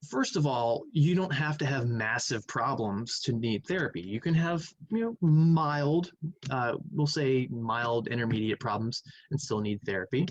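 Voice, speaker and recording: A man's voice: mid-range voice, animated, measured pace, muffled recording. A male math teacher giving a recorded lecture, going over quiz answers in a conversational, think-aloud manner. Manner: conversational, thinking aloud, hums while reading.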